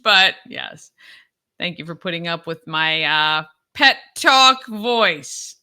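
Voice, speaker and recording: A woman's voice: fairly low pitch, animated, slow, sharp tone, clean tone. A woman hosting a local morning show, chatty and upbeat, laughing easily as she talks.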